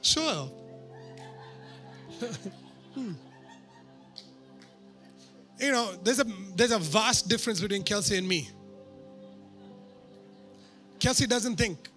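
A man preaching a sermon through a personal story, animated and poking fun at himself. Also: high voice, slow pace, pauses often, soft background music. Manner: animated, self-mocking humor.

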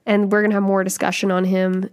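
Female podcast co-host, relaxed chat, mid-pitched, thoughtful interjections. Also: quick pace, smooth. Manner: reflective, adds comments and agreement. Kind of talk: casual chat.

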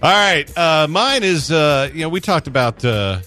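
A man's voice: on the high side, expressive, unhurried, bright, forceful tone, soft background music. A man hosting a sports radio show, talking in loose casual banter with lots of restarts. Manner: rambling, frequent restarts and uhs.

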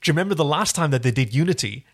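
A man's voice: a little high, expressive, very fast. A man co-hosting a podcast, recapping an episode in casual chat, enthusiastic, laughing often and trying out quoted voices. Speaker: podcast co-host.

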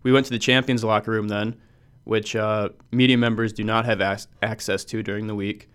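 A man with a smooth, resonant voice talks as a guest on a podcast. He speaks in a relaxed way and often reaches for "like" and "you know". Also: on the low side, fairly quick. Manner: relaxed, filler-heavy talker. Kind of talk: casual chat.

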